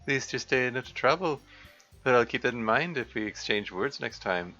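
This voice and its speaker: A dry, teasing older brother with an attempted Yorkshire accent, played by a man, sarcastic and a touch above his normal register. The sound is bright and sharp but dull and lo-fi, with faint music behind. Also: medium pitch, lively intonation, normal speed, voice pushed up. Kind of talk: voice-acting a visual novel.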